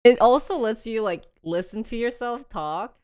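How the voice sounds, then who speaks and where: A young woman with a slightly high, animated, somewhat mellow and smooth voice hosts a relaxed livestream at a moderate pace. Between rambling chat and frequent laughter, she reads sample passages to a phone app, in studio-quality sound with no room noise.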